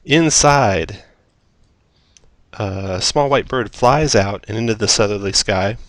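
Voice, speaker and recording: A man's voice: lowish voice, slow pace, no echo. A man running a tabletop game as dungeon master, narrating scenes descriptively with occasional fillers.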